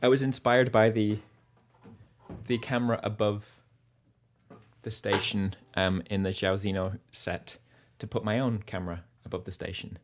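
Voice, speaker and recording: A man's voice: on the low side, fairly even intonation, moderate pace, slight background noise. Rambling man with a Lancashire accent. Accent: Lancashire English, partly North American. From Burnley, England. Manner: rambling and chatty, with many fillers. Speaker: livestream musician host. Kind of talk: casual chat between songs.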